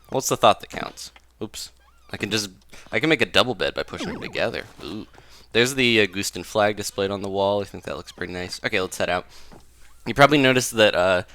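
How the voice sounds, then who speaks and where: A man hosting a casual let's play video, chatty and quick to get excited, laughing at what he finds. His voice sits fairly low, with video game music playing clearly underneath. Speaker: gaming video host.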